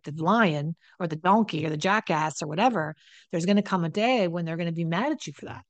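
A woman's voice: on the low side, no room sound. Blunt, profane woman coach. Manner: blunt and profane, acts out quoted voices. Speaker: relationship recovery coach. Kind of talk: direct-to-camera advice talk.

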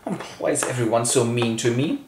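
A man voicing a timid, whiny young woman in a squeaky falsetto. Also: expressive, fairly quick, darkish tone, natural voice. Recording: roomy echo, faint noise.

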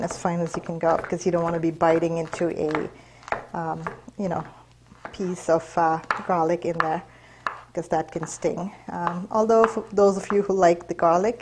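A woman's voice: lowish voice, background noise. A woman hosting a cooking show, talking casually through a recipe with plenty of fillers. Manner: relaxed, chatty, many fillers. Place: kitchen.

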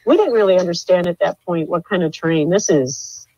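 Halting middle-aged woman, dull lo-fi audio. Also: on the low side, lively intonation, warm tone, no room sound. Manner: halting, many fillers and restarts, rising when upset. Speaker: mother of a missing man, interview guest. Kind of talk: emotional interview account. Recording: dull dry lo-fi sound.

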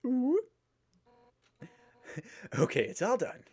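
A man's voice: extremely high pitch, wildly swooping pitch, slow, husky, voice pushed up, exaggerated voice. A man voicing a brash fish warrior woman. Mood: gruff hosting. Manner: loud, boastful, blunt. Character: brash fierce female fish warrior captain. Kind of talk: reading game dialogue aloud.

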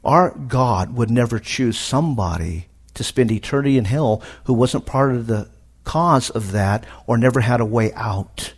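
A middle-aged man preaching a sermon at a conference, animated, with sudden loud emphatic rises. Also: medium pitch, normal speed, slightly rough. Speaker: pastor. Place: conference hall.

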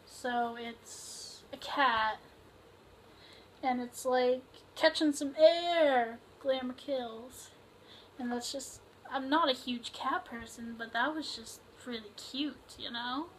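A young woman vlogging a casual unboxing of a clothing haul, excitable and chatty, full of fillers and gushing exclamations. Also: high voice, slow, a little hiss or hum, low-quality recording.

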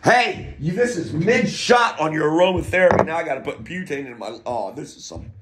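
A middle-aged man talks straight to his viewers in a loose, rambling monologue. His voice sits somewhat high for a man, and he swears freely. He drifts into muttered asides and wry laughs, and turns emotional as he goes. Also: expressive, brisk, background noise. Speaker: poet and vlogger.

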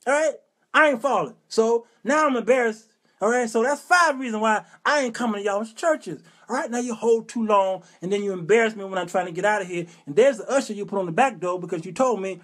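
A middle-aged man hosting his own talk show, venting in an animated, exasperated comic rant full of rhetorical questions and casual vernacular. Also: high voice, a little fast. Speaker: show host.

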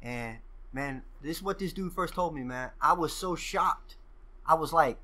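Male guest, casual profane storyteller, animated delivery, bright tone. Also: fairly high pitch, normal speed. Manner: profane, animated storyteller who acts out quoted exchanges. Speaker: podcast guest.

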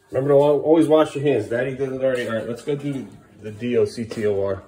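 A man's voice: mid-range voice, brisk, noisy background. A man filming a casual family vlog at home, coaxing his young sons and then scolding them in exasperation. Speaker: father and family vlogger.

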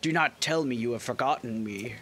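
A man voicing a stately male fish-folk king, reading game dialogue in a slow, formal way. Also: medium pitch, a bit bright, faint music behind, lightly acted.

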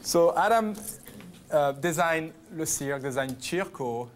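A man's voice: on the high side, expressive, measured pace, slight background noise. A man in his thirties with a French accent, demonstrating chocolate work as a TV pastry chef, giving playful step-by-step instructions. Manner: chatty, joking, step-by-step instructions. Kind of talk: cooking demonstration. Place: TV kitchen studio.

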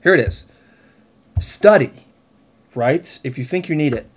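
A man's voice: mid-range voice, brisk. A young man around twenty, a little tipsy, chatting and rambling to the camera while eating, laughing often. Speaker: vlogger. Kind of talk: casual chat to camera.

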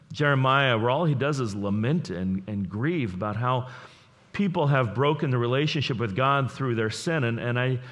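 A man's voice: mid-range voice, fairly bright tone. A man who is a pastor, preaching a sermon in an earnest, conversational way. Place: church. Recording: long hall reverb.

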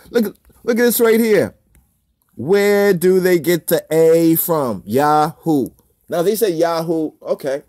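A man's voice: a little high, slow pace, a little mellow. A man hosting a religious video, talking in a casual monologue full of repeated rhetorical questions and chuckles.

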